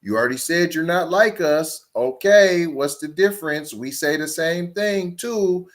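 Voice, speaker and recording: A man hosting a podcast, reacting to a clip in a confrontational way with rapid rhetorical questions. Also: fairly high pitch. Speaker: podcast host. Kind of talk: reaction commentary.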